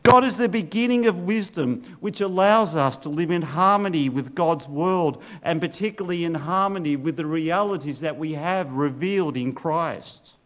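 A middle-aged male pastor giving an earnest sermon and asking his listeners rhetorical questions. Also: on the high side.

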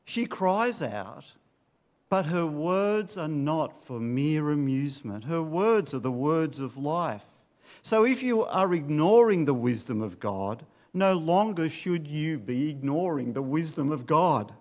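Male pastor preaching, slow delivery, lively pitch swings, dramatic urgency. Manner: dramatic, swings between loud urging and low hushed warnings. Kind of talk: sermon.

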